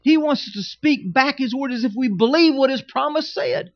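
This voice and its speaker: A man's voice: very high-pitched, animated, unhurried, dry recording, dull audio. A man preaching a sermon with emphatic, repetitive phrasing and humorous asides. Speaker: pastor.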